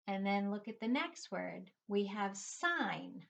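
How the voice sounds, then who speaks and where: A woman's voice: mid-range voice, lively intonation, takes it slowly, gravelly, a bit bright. A middle-aged woman teaching a phonics lesson to young children, patiently spelling words out letter by letter. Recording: dull lo-fi recording.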